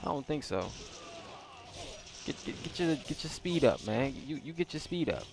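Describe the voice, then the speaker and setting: A man's voice: a little high, sing-song, normal speed, creaky, music in the background. A man giving casual let's-play commentary, reacting to gameplay with slangy jokes.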